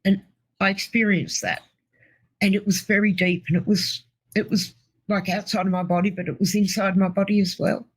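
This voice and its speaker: A middle-aged woman telling her personal testimony in an earnest, halting way as an interview guest. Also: medium pitch, level tone, breathy edge, rough recording.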